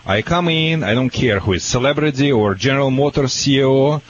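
A man's voice: mid-range voice, brisk, highs cut off, a little hiss or hum. A man with a Russian accent, a dog trainer giving blunt, boastful advice on a call-in radio show.

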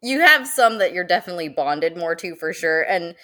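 A woman with a somewhat low voice chats as a podcast guest about her work in zoo education. She talks in an animated way, with fillers and frequent laughs. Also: fairly quick. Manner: animated and chatty, laughs often, uses many fillers. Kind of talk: casual podcast interview.

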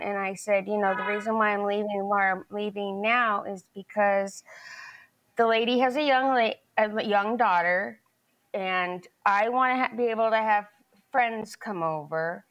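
A woman's voice: medium pitch, a bit bright, muffled recording. A middle-aged woman, the plaintiff in a small claims case, telling her story in a rambling way full of restarts and quoted dialogue. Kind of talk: testimony in a televised courtroom.

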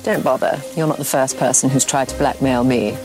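A woman's voice: extremely low pitch, fairly even intonation, a little fast, music in the background, rough recording. An actress playing a haughty aristocratic young lady who answers a blackmailer in a cold, clipped, dismissive way. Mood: icy. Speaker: actor in a period drama clip.

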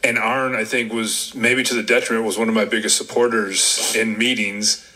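A man's voice: on the low side, level tone, normal speed, bright, forceful tone, poor audio. A man from upstate New York, a former wrestler, telling candid stories in a casual interview. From Rochester, New York. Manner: candid, rambling, self-deprecating.

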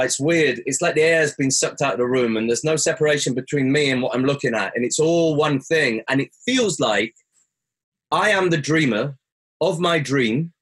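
A man's voice: mid-range voice, a bit bright. A man telling a personal story as a guest. He talks earnestly and reflectively, and his voice jumps up when he quotes his own words. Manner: earnest, rises sharply when quoting himself.

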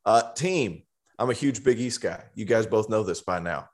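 A man from Tennessee with a Southern accent, co-hosting a casual sports chat with animated asides. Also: on the low side, normal speed. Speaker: co-host.

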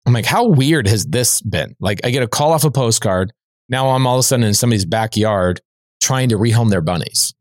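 A man, a podcast guest, telling a personal anecdote in a lively, conversational way, dropping "like" as a filler. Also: mid-range voice, fairly quick, no echo, studio quality. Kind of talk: storytelling anecdote.

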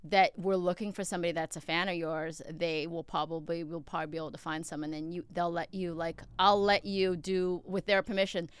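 A woman's voice: lowish voice, level tone, a little fast, hardly any pauses, clean tone, no echo. A woman dermatologist, a guest on a podcast, chatting in a friendly, upbeat way. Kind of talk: casual chat.

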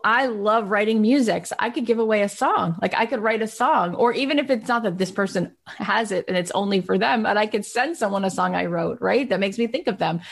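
A woman who hosts a podcast, leading a live online workshop in a chatty, enthusiastic way with many fillers. She jumps up in pitch when she quotes friends. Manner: acts out quoted friends in a higher voice. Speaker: podcast host and coach.

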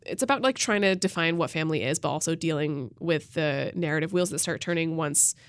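Female podcast guest, lower pitch, measured and hesitant. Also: no echo, studio quality. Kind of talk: casual chat.

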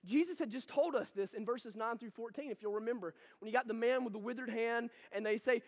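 A man preaching a sermon as pastor, animated and conversational with joking asides. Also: extremely high pitch, brisk, hardly any pauses. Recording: long reverb from a hall.

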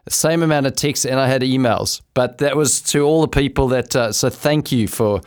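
A man's voice: medium pitch, normal speed, smooth. A man who co-hosts a cricket talk show as a former player, chatting in an easygoing, self-deprecating way. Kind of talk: casual studio banter.

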